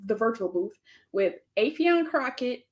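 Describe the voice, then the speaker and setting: A woman hosting a casual interview, chatty and quick to laugh. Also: on the high side. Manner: relaxed and chatty, laughs often. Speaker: interviewer, channel host.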